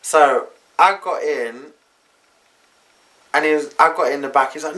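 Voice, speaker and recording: A man's voice: a little high, moderate pace, sharp tone. A young man telling a personal story to camera in a casual, slangy, candid way. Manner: chatty, slangy, candid retelling. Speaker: vlogger.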